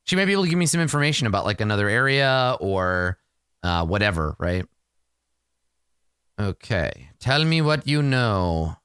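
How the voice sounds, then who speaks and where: A man narrating his solo tabletop game in a relaxed, rambling and self-amused way. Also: fairly low pitch, moderate pace, clean tone, no room sound, studio quality.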